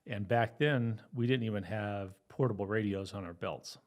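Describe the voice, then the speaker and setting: A man's voice: lowish voice, normal speed. A middle-aged man, a retired police officer, telling his story in an easygoing interview with fillers and frequent laughs.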